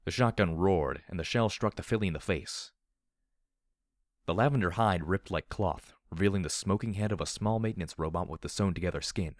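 Deep-voiced man reading a story. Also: fairly quick, dry recording, clean studio sound. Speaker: audiobook narrator. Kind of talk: first-person fiction reading.

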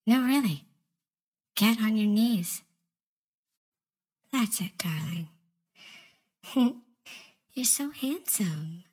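Woman playing a breathy, obsessive young intern. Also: on the high side, expressive, slow, long pauses, full character voice. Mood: sweetly menacing. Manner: sugary, coy, with soft whispered asides. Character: obsessive manipulative young female office intern. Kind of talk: audio role-play monologue.

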